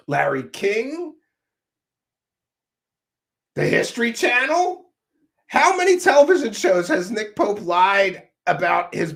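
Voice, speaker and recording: A man hosting a live commentary stream, mocking and combative, jumping between shouting and muttering. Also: high-pitched, echoey room. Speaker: commentary show host.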